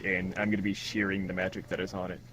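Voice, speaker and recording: A man plays a tabletop game and asks careful, hesitant questions. His voice sits low. A faint hiss lies under it. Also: completely flat delivery, fast talker. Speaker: player. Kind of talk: casual game chat.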